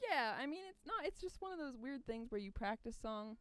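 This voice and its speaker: A woman's voice: on the high side, animated, a little fast, clear, resonant tone, no echo. A woman chatting casually, agreeable and laughing often, with short replies. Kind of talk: casual chat.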